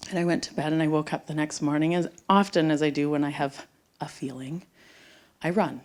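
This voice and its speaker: A middle-aged woman telling a personal story live on stage to an audience, dramatic and swinging from loud bursts to hushed whispers. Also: low-pitched, steady tone, a little fast. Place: theater stage before an audience.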